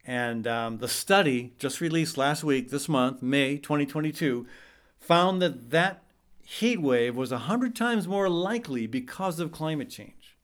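A man's voice: on the high side, lively intonation, measured pace. A middle-aged man hosting a talk radio show, speaking with urgency and often stumbling over fillers and restarts. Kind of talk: earnest talk-radio commentary.

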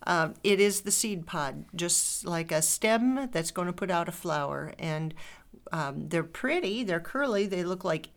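Chatty gardening lady, kinda low voice, laughs a lot while explaining. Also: expressive, unhurried, creaky. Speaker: co-host, urban farmer. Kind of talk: casual radio chat on gardening.

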